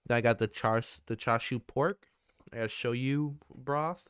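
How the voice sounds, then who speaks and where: A young man in his twenties co-hosting a casual podcast. He rambles loosely, restarts his sentences and swears offhandedly. His voice sits at an ordinary middle pitch, recorded dry and close with no room sound. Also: measured pace, smooth, dry recording. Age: 20s. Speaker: podcast co-host.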